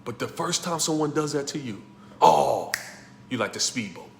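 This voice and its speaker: A man's voice: mid-range voice, animated, normal speed, vocal fry, slight background noise. Emphatic man coaching in an echoey room. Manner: emphatic, repetitive, swings from hushed to loud. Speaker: life coach teaching a masterclass. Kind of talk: motivational class talk.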